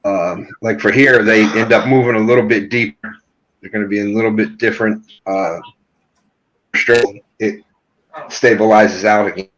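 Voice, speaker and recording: A man with a somewhat low voice hosts a casual fishing livestream. He rambles and hesitates, filling the pauses with "uh". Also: fairly even intonation, fairly bright tone, poor audio. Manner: rambling, hesitant, many fillers. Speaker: host, catfisherman.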